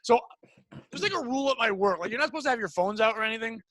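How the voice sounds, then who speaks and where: Comedian host: man, high bright voice, animated storytelling, dry booth sound. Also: very fast, dry recording. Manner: animated storyteller acting out quoted people. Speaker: podcast host. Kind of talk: casual comedic chat.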